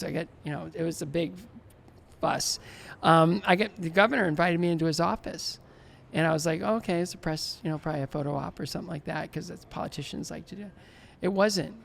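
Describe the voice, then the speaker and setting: Brief: man, 60s, gravelly voice, lively interview storyteller who acts out the dialogue. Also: fairly high pitch. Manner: animated, laughs often, acts out remembered dialogue. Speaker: guest, former Olympic figure skater.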